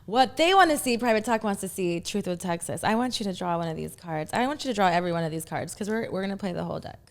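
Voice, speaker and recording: A woman hosting a casual interview, talking in a soft, breathy, sultry way. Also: mid-range voice, lively intonation, quick pace. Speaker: host. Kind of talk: casual flirty interview chat.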